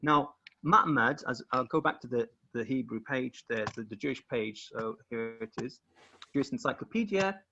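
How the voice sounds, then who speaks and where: A man's voice: medium pitch, moderate pace, creaky, bright, forceful tone, lo-fi sound, slight background noise. A man walking through word meanings in a careful explanatory talk, often repeating words as he shares his screen on a video call. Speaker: guest researcher.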